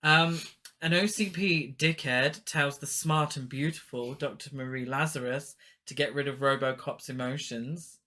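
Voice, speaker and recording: Podcast guy recapping a movie, bright forward voice, dry jokey swearing. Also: mid-range voice, fairly even intonation, a little slow. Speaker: podcast co-host. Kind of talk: casual film review chat.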